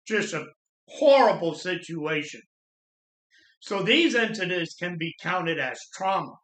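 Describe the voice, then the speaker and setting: A middle-aged man hosting his channel, earnestly telling his own life story in a plain-spoken, halting way. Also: sits high, bright, forceful tone. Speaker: channel host sharing personal trauma story. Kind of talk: personal storytelling monologue. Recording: echoey room.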